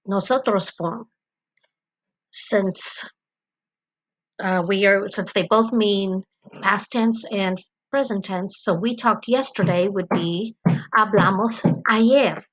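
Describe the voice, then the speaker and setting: Woman teacher talking slow and patient thru a grammar lesson at home, mid pitch, lots of uhs. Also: rough recording. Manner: slow, patient explaining with fillers. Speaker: Spanish teacher.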